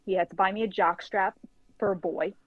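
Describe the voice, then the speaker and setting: A woman telling a casual story as a guest, lively and acting out the dialogue, leaning on "like" as a filler. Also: medium pitch, fairly quick, no echo, highs cut off. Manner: lively storyteller who acts out quoted dialogue; frequent filler "like". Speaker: guest author.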